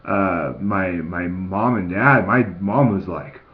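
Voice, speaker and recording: A man's voice: low voice, slow pace, lo-fi sound. A young man talking casually in a video diary, rambling and restarting his sentences. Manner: rambling, repeats words and restarts. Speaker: fitness vlogger. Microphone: computer mic.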